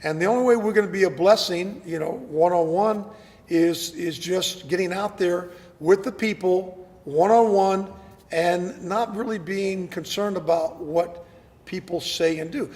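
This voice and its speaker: A man being interviewed as an actor guest, telling animated stories and often repeating words as he starts a sentence. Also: sits high, unhurried, in a large hall. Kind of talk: casual interview chat.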